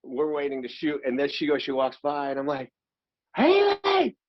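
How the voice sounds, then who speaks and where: A middle-aged man, an actor guest, telling lively anecdotes and acting out the people in them. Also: medium pitch, fairly quick, dry recording. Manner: lively storyteller who acts out the people in his stories. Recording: dry, slightly dull recording.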